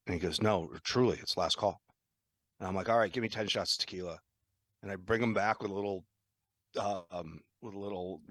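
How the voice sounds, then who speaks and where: Man, podcast co-host, lowish voice, dry sound, rambling story. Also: a bit bright, no echo. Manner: rambling anecdote full of "like". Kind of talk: casual storytelling.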